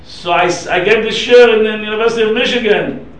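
A man's voice: sits high, fast, fairly bright tone. A middle-aged man, a rabbi teaching a Torah class, talking emphatically and telling stories. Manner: emphatic, storytelling, mixing Hebrew and Yiddish terms. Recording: echoey room from far off.

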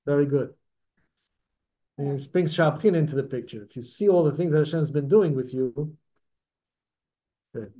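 Long pauses punctuate this religious teacher's warm, slightly high voice, which moves at a normal speed. Conversing with a small Torah class, he corrects himself partway through sentences and questions the group.

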